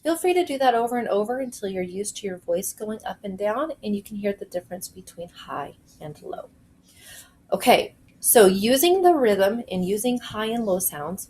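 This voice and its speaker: Woman, music teacher, kitchen, slow clear directions for kids, mid pitch, light background noise. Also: a little mellow, poor audio. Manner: slow, clear, encouraging instructions to young kids. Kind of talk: home video music lesson for children. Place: home kitchen.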